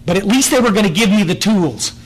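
A man's voice: sits high, expressive, fairly quick, poor audio. A middle-aged man from the Texas Hill Country, giving a blunt, earnest personal testimony at a recovery meeting, often restarting and repeating words.

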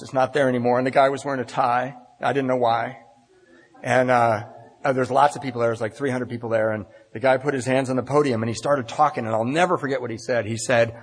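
Gravelly-voiced man telling his story in a big hall. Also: mid-range voice. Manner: animated storyteller, acts out voices. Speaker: recovery meeting speaker. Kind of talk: storytelling talk to an audience. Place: large meeting hall.

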